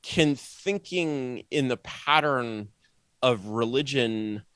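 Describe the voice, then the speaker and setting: A man talking as a podcast guest, rambling and sardonic, with many restarts and animated asides. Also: mid-range voice, slow, smooth, no echo. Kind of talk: casual podcast conversation.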